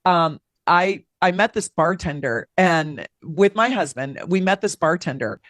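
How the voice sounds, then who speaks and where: A woman astrologer hosting a casual chat, telling stories in an animated, talkative way. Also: fairly low pitch, unhurried, dry recording, clean studio sound. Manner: chatty, animated storyteller. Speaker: astrologer host.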